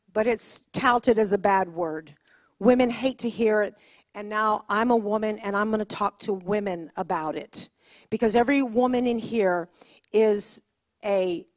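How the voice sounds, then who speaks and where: A middle-aged woman giving a storytelling sermon in a church, emphatic and animated, acting out quotes as she goes. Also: mid-range voice, dry recording. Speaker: guest speaker at church. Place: church sanctuary.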